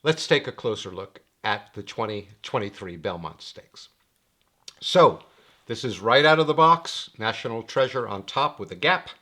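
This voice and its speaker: A middle-aged man teaching horse betting in a wry, lecturing way, his pitch swinging up when he gets excited. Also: moderate pace. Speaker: handicapping teacher. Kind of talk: screen-share explainer monologue.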